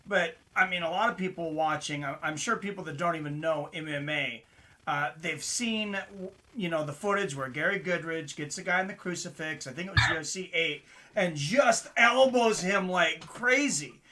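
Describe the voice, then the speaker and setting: Male interview host, bright tone, casual eager chatter. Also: on the high side, moderate pace. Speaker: podcast host.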